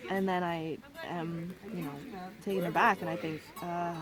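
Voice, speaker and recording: A woman's voice: on the low side, flat delivery, moderate pace. A young woman casually recounting a true scary experience, chatty and full of fillers. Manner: conversational, lots of fillers and quoted dialogue. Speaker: storyteller. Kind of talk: casual true-story telling. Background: loud background music.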